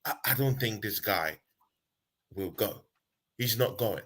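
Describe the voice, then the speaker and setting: A man co-hosting a casual football chat, emphatic but hesitant, with many fillers and restarts. His voice is bright and forceful. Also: lowish voice, lively intonation, unhurried. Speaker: co-host of a football podcast.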